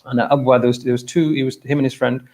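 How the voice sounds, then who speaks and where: A man's voice: mid-range voice, fairly even intonation, quick pace, darkish tone, poor audio. A man giving an informal religious talk at a mosque. He speaks conversationally, repeats phrases and keeps checking in with his listeners.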